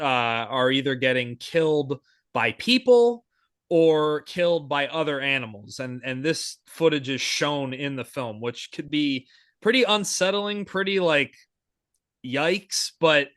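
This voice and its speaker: A young man co-hosts a podcast, chatting with casual enthusiasm and rambling through plenty of fillers and restarts. His voice is fairly high and a bit bright. The recording is dry, with clean studio sound.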